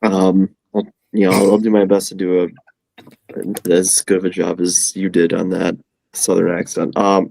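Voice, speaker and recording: A man's voice: low voice, vocal fry, a little mellow, no echo, low-quality recording. A young man calling in over a video call to give betting picks, hesitant, with lots of ums and repeats. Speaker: regular panelist. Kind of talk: casual sports betting picks. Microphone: home setup over video call.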